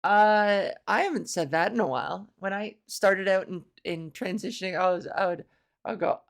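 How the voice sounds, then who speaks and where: Gravelly-voiced woman rambling playfully. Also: medium pitch, normal speed. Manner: playful, silly, rambling with mock-grand words. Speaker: comedian and podcast host. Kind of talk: casual solo podcast monologue.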